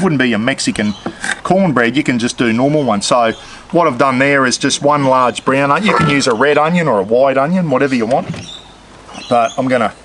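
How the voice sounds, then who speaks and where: A man's voice: medium pitch, fairly bright tone, a little hiss or hum, low-quality recording. A man with an Australian accent hosting a casual cooking demonstration, chatting straight to his viewers as he cooks outdoors. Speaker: cooking channel host.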